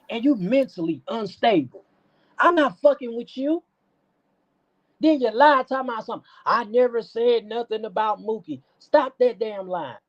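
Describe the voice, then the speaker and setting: A woman hosting a livestream, preaching at and scolding someone in a profane call-out rant. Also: on the high side. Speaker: stream host. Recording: dull lo-fi stream audio.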